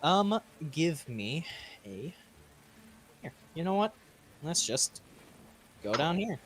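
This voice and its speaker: A man's voice: on the high side, very animated, takes it slowly, a bit bright, faint music behind. Casually swearing game master man. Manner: casual, swearing, laughing often. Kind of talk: narrating a tabletop game.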